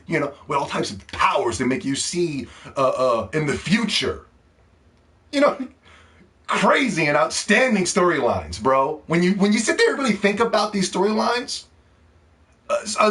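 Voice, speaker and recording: A man rants in a high, lively voice, swinging his pitch all over as he mocks and swears. His delivery is loud and profane, the sound of a gaming video commentary. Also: moderate pace. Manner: loud, profane, mocking rant.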